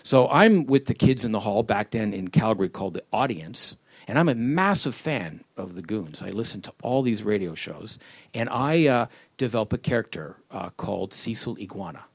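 A man with a middle-pitched voice that moves up and down a lot tells wry, rambling stories. He answers questions at a live panel event. He often slips into comic voices along the way. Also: expressive, normal speed, gravelly, breathy edge. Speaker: comedy writer and show creator on a panel.

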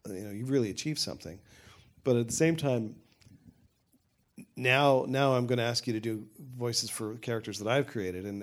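An older man, a television showrunner, answering audience questions in a frank, rambling way with many restarts. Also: mid-range voice. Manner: rambling, self-correcting, frank. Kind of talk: panel Q&A talk.

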